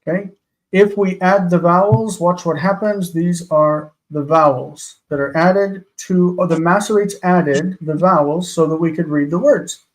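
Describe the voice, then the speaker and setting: A man's voice: high voice, measured pace, poor audio. A man teaching a live class, patiently sounding out words syllable by syllable. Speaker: Hebrew teacher.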